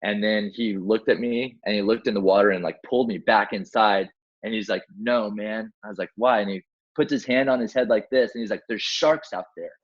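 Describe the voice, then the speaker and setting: A young man with a fairly low voice tells a war-story-style rescue tale in a relaxed interview. He acts out each exchange and sprinkles in "like" and "man" as he goes. The audio is dull and muffled. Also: brisk. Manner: animated, acts out quoted dialogue, many fillers like "like" and "man". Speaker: guest, helicopter rescue swimmer.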